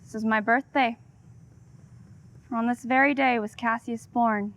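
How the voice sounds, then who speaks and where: A woman taking the part of a Roman general who speaks of omens before battle, slowly and gravely, in a somewhat high voice. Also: steady tone, fairly bright tone. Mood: foreboding. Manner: grave, slow. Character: Cassius, Roman general facing defeat. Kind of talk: Shakespearean monologue.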